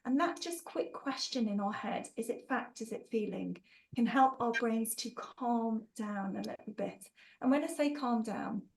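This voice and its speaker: A woman's voice: on the high side, a little slow, creaky, a little hiss or hum, low-quality recording. A woman leading an online training webinar, upbeat and jokey, reading out participants' answers and praising them. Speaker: workshop trainer.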